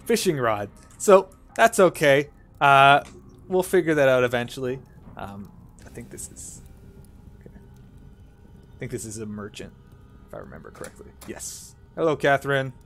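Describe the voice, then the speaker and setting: A man's voice: mid-range voice, measured pace, pauses often, a bit bright, soft background music. A Canadian man hosting a let's play, chatty and self-mocking as he plays.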